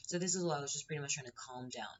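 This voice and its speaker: A woman hosts her own podcast, retelling a story in a casual, heated, profane way and acting out the quotes. Her voice rumbles low and she races along, with lo-fi sound.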